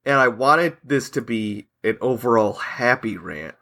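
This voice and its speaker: A man's voice: mid-range voice, lively intonation, unhurried, vocal fry, sharp tone. A young man on a podcast, ranting in a self-mocking way, laughing and swearing often as he complains. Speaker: podcast co-host. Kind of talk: casual podcast banter.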